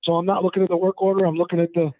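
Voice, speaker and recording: A man's voice: flat delivery, very fast, no room sound. A man, a guest appraiser, telling stories in a casual interview, rambling with many fillers and restarts. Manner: acts out the people in his stories in a higher voice. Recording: dry, tinny phone line.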